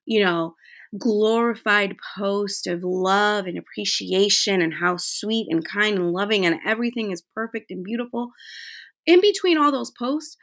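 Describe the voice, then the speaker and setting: Bright-voiced woman chatting heartfelt. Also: mid-range voice, measured pace. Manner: chatty, heartfelt, many fillers. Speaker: podcast host. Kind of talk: casual monologue.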